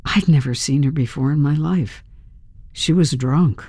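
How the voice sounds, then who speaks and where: A narrator reading a tense first-person story aloud in a measured, storytelling manner. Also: medium pitch, dark tone, breathy edge, no echo. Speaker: audiobook narrator.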